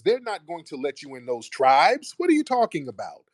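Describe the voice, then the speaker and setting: A man's voice: fairly high pitch, very animated, moderate pace, hardly any pauses, no echo, clean studio sound. A man hosting a call-in live stream, ranting and mocking callers in a profane, combative way. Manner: loud mocking rant, profane. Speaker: live-stream show host.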